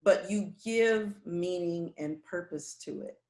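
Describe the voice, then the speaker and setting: A woman's voice: on the low side, slow pace. A woman hosting an interview, affirming her guest and trailing through restarts as she talks. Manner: warm affirming, rambling restarts. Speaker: interview host. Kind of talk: casual interview conversation. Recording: echoey room.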